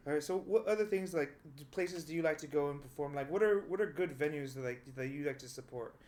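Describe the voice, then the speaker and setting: Fast-talking blunt young man on a podcast. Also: a little high. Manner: blunt, profane, animated storytelling. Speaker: podcast host and stand-up comic. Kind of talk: casual podcast chat. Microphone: studio podcast mic.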